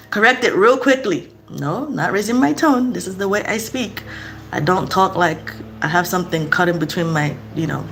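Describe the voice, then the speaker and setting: A mother from Africa speaks in a deep voice with a slight hiss or hum in the recording. In a casual storytelling vlog, she's animated, acts out different voices, and laughs often.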